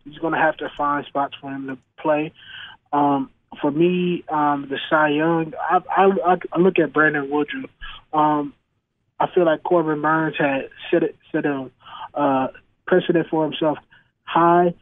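A man calling in to a sports radio show, talking haltingly with many pauses and restarts. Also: on the high side, no echo. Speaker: caller. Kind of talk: call-in sports talk. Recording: muffled phone line.

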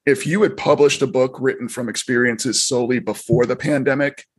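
Interviewer, male, mid-pitched, asks long rambling questions conversationally. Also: steady tone, a little fast, slightly rough.

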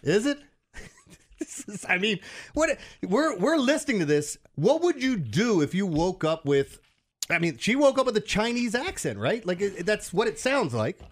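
A man's voice: sits high, sing-song, normal speed. A man co-hosting a sports radio show, rambling and laughing in casual banter.

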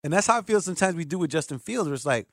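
A man hosting a sports talk radio show, animated and joking, often jumping in over the others. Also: on the high side, rapid-fire, dry recording, clean studio sound.

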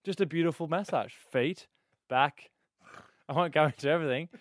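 A young man co-hosting a radio show, telling stories with animated, playful energy into a studio mic. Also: fairly high pitch, moderate pace, no room sound. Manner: animated storyteller, chatty and playful. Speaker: radio co-host. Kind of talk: casual radio banter.

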